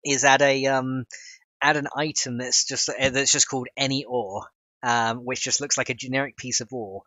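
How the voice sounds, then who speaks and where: A man's voice: medium pitch, pushed and bright, no room sound, muffled recording. A man streaming live while coding, chatting with viewers and often collapsing into giggles. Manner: giggly, keeps breaking into laughter.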